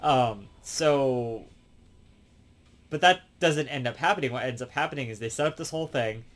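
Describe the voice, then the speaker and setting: A man's voice: mid-range voice, moderate pace, fairly bright tone. A man giving a casual, rambling review and plot recap, with lots of fillers and restarts. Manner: rambling, full of fillers and self-corrections. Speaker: show reviewer.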